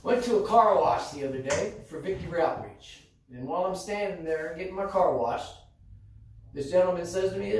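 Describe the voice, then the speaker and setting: A man's voice: high-pitched, moderate pace, creaky. A man who runs a sports card shop and hosts the show, telling a story in a casual way and acting out the other person's lines. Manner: animated, acts out quoted dialogue. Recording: very echoey room, distant mic, faint noise.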